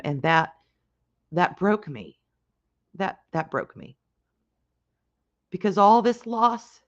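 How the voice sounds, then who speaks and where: A woman hosting a casual livestream, talking in a halting, emotional way with many restarts and reading out chat comments. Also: lowish voice, a bit bright, highs cut off. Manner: reads and answers chat comments. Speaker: livestream host.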